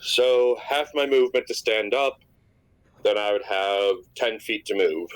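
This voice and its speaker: A man's voice: lowish voice, unhurried, smooth, poor audio. A man playing a tabletop game in casual chat, blunt and swearing freely. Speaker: player.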